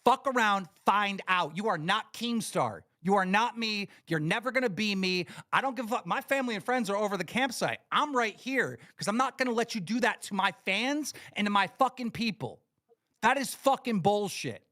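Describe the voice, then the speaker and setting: Furious high-voiced man ranting. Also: expressive, moderate pace, pushed and bright. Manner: angry, profane, emphatic. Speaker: livestream host. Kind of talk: heated livestream rant.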